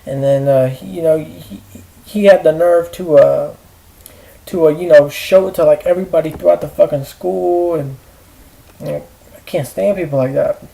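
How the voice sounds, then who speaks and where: A man ranting to camera in a rambling, profane way, halting with fillers and restarts. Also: fairly high pitch, gravelly, warm tone, rough recording. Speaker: vlogger. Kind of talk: rambling personal rant.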